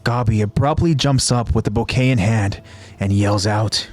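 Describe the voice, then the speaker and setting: A man who hosts a podcast, retelling an anime episode scene by scene in a steady, descriptive way. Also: fairly low pitch, moderate pace. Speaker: podcast host.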